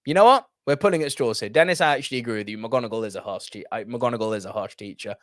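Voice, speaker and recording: A man's voice: mid-range voice, rapid-fire, no room sound, studio quality. A man hosting a casual movie review video, chatty and reading out viewer comments.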